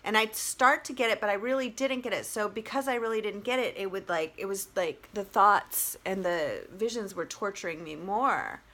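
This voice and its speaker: A woman vlogger telling a personal story in a casual, animated way, with lots of fillers and free swearing. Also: medium pitch, moderate pace, hardly any pauses.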